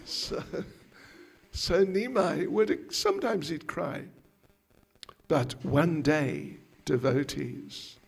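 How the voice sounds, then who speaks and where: Gravelly, lively male storyteller. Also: a little high, drawn-out words. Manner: animated storyteller, acts out the voices in his stories. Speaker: spiritual teacher. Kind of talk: storytelling lecture to devotees.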